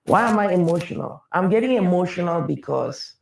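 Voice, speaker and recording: Guy with a real gravelly voice, talking to a crowd, echoey room, a bit far from the mic. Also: sits high, expressive, fairly quick. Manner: emphatic, repeats phrases while building a point. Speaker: speaker on wealth and taxes. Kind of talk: public talk to an audience.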